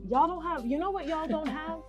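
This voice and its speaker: A woman's voice: high-pitched, a little fast, over music. Chatty young woman with a Rhode Island accent. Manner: chatty, laughs easily, says "yeah" a lot. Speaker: podcast co-host. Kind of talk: casual chat.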